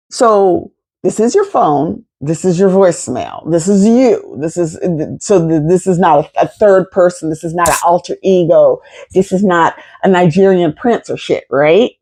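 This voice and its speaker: A woman in her fifties telling a personal story to camera in an animated, expressive way, swearing freely. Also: on the low side, normal speed. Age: 50s. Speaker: vlogger.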